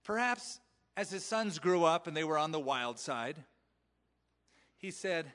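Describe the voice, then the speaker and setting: A man's voice: a little high, animated, a little slow, pauses often, fairly bright tone, long reverb tail. A male pastor preaching in a conversational sermon style, acting out the quoted voices of parents. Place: church sanctuary.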